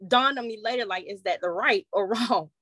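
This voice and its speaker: A woman's voice: medium pitch, moderate pace, no echo. A middle-aged woman eagerly telling the group a story about her daughter. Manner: excited, animated retelling. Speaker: group member. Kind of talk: casual storytelling.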